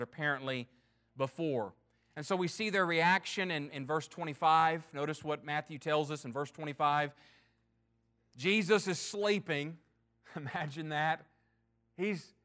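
Male pastor with a high voice, earnest and emphatic sermon delivery. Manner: earnest, emphatic preaching with swings in loudness and pace.

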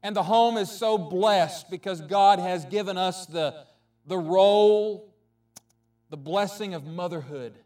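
A man preaching a sermon as pastor, speaking gently and haltingly, with many restarts and repeated words. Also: sits high, far from the mic.

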